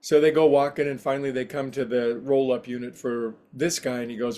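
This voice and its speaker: A man's voice: medium pitch, flat delivery, a little fast, hardly any pauses, mellow. A man who teaches yoga and meditation, giving a casual spiritual talk in a rambling, anecdotal, conversational way.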